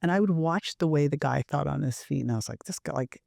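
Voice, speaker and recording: A woman's voice: deep voice, fast talker, gravelly, darkish tone, no echo, studio quality. Chatty woman podcast guest. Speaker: podcast guest, nutrition expert. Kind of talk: casual conversation.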